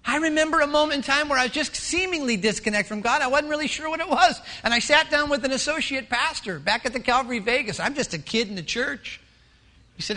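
A middle-aged male pastor preaching a sermon, telling stories and acting out voices in an animated way. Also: very high-pitched, quick pace. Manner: animated storytelling with acted-out voices.

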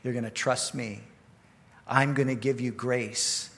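A man voicing a calm, reassuring divine voice within a story told in a sermon. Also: medium pitch, vocal fry, in a large hall, pitched below the performer's own voice. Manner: soft, slow, reassuring.

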